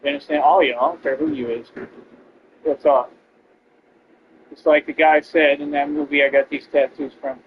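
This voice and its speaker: A man's voice: fairly high pitch, little pitch movement, normal speed, long pauses, background noise. A man ranting at viewers during a game stream, boastful and confrontational. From Texas. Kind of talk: ranting to viewers while gaming. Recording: dull lo-fi stream audio.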